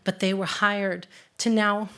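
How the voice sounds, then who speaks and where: A woman quoting a calm, wise male guide speaks in a measured, unhurried way. His words come gently, like a patient teacher. The voice sits at a middling pitch, pulled a little low and soft in the telling. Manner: slow, measured, gently instructive.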